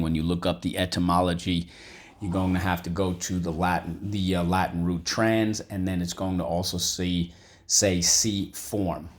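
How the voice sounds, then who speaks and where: A man teaching a vocabulary lesson from home, repeating words slowly for students to echo. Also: sits low. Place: home room.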